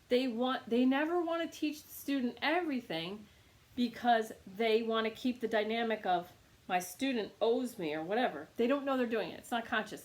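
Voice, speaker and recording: A woman reiki teacher telling a casual teaching anecdote, animated and laughing often. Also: fairly high pitch. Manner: animated storytelling with frequent laughs.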